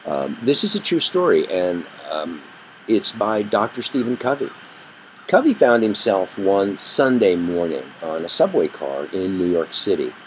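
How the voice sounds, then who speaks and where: A man teaching a communication workshop, telling a story with an animated delivery that rises and drops for effect. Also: sits low, measured pace, a little hiss or hum, low-quality recording. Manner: animated storyteller, rising and dropping his voice for effect. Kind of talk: storytelling lesson.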